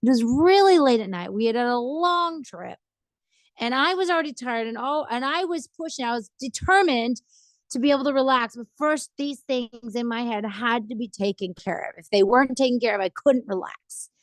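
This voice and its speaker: A woman's voice: on the high side, moderate pace, no room sound. Chatty woman vlogger, dry sound. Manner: chatty, rambling, frequent "right?" tags. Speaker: vlogger giving relationship advice. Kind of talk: casual advice monologue.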